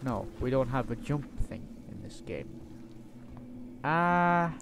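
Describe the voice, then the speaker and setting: A man giving chatty, playful let's-play commentary, breaking into loud excited outbursts. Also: mid-range voice, slow, noisy background. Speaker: gaming YouTuber.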